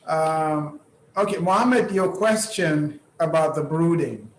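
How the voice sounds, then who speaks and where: A man, guest scholar on a video call, speaking in a calm, measured way. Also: a little high. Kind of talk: casual talk on a video call. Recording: echoey room.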